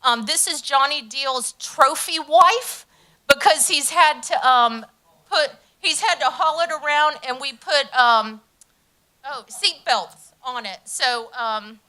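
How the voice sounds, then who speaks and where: A woman's voice: high-pitched, bright, forceful tone. A woman addressing a county council meeting. She speaks enthusiastically, uses many filler ums, and gets emotional. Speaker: community delegation leader. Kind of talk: speech at a public council meeting.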